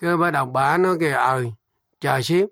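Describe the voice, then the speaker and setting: An older man from Vietnam retelling a family story, animated and repeating words as he goes. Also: fairly high pitch, fast, vocal fry, dry recording, clean studio sound. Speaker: storyteller father.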